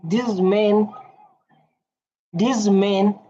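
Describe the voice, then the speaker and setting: A husky woman gives casual reaction commentary at a slow, unhurried pace. She talks in an animated way and keeps repeating her phrases. The recording sounds dull and lo-fi. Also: mid-range voice. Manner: animated, repeats phrases, many fillers and restarts. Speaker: reaction video host.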